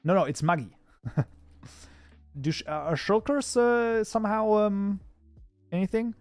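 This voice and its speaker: A man's voice: sits high, unhurried, a little mellow, no echo, soft background music. A man whose first language is German, chatting casually with his live-stream chat while coding, often breaking into mock outrage. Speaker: streamer, mod programmer.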